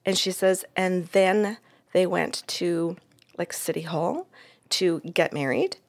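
A woman telling a story from a client session in a casual, animated way, acting out the voices in it and laughing often. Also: lowish voice, takes it slowly.

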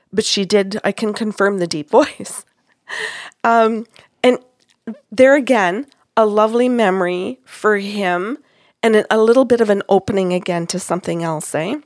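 Woman storyteller, casual chat, animated retelling with quoted voices; dry, close mic sound. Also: medium pitch, dry recording. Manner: animated retelling, acting out quoted lines with laughs. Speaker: psychic medium recounting a reading.

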